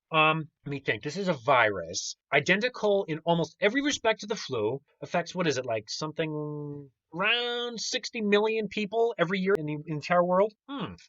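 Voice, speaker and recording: Man, indignant sarcastic rant, bright forceful voice, dry dull lo-fi sound. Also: high-pitched, dry recording. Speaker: commentary channel host. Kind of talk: ranting political commentary.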